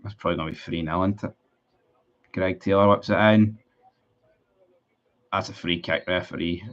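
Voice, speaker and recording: Sweary Scottish football streamer. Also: male voice, low voice, fairly even intonation, normal speed, highs cut off. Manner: frustrated, sweary, chatty with viewers. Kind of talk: live match watchalong commentary.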